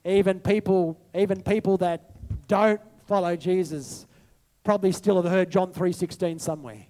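A male pastor preaching to his congregation, moving from soft, hushed reflection to a rising, passionate appeal. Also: high-pitched, fairly even intonation, normal speed, few pauses. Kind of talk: sermon over worship music.

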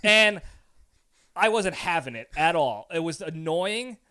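A man with a high, bright, clear voice, hosting a casual podcast chat. He tells a comic story in an animated way, acts out scenes and laughs often. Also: moderate pace. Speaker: podcast host.

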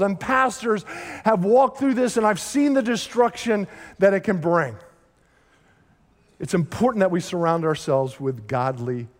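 A middle-aged man preaching a sermon as pastor, emphatic and acting out quoted voices. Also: high voice. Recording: long hall reverb.

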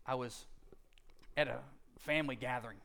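A man preaching a sermon in a conversational way, with jokey asides and casual slang, dropping to a hush and then building to loud, emphatic stretches. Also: mid-range voice, fairly even intonation, normal speed, clean tone. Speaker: pastor.

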